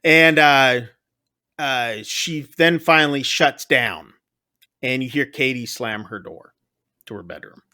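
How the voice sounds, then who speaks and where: A man's voice: mid-range voice, takes it slowly, pushed and bright, clean tone. A man co-hosting a podcast, retelling a movie plot in a rambling, casual way, full of fillers as he acts out the characters' lines. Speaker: podcast co-host recapping a film. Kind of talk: casual chat.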